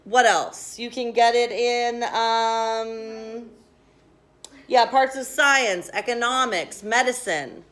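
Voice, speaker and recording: Teacher lady running a class, kinda high voice, brisk, keeps asking the kids stuff. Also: a bit bright. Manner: brisk, directive, asks the class questions.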